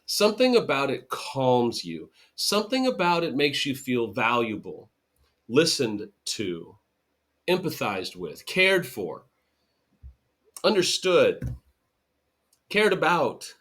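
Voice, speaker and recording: An earnest man hosts his own podcast and talks straight to the listener about relationships. His delivery is animated, and he often acts out what people say. His voice sits at a middling pitch for a man. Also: slow, pauses often. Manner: earnest, animated storytelling with acted-out quotes. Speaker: podcast host. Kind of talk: solo podcast talk.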